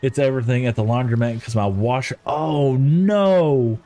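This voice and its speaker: A man's voice: mid-range voice, normal speed, dark tone, soft background music. A middle-aged man chatting casually on a game stream, telling rambling stories with chuckles. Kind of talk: casual live-stream chat while gaming.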